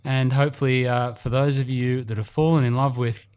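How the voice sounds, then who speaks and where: A man's voice: mid-range voice, little pitch movement, brisk, a little mellow, smooth. A man hosting a casual podcast in an indoor golf studio, chatty and rambling with fillers. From Australia. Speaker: podcast host.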